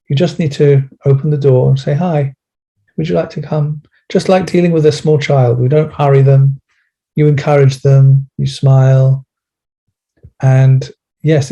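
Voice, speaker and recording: A man speaking as a podcast guest with a British accent, in a gentle, coaxing way with slow pauses. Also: medium pitch. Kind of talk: podcast conversation.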